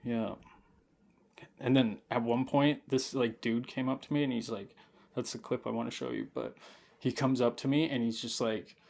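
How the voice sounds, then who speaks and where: Young guy, a bit drunk, streaming late at night; mid-pitched voice, loose rambling profane storytelling with lots of laughing. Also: steady tone, normal speed, gravelly, a little mellow. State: intoxicated.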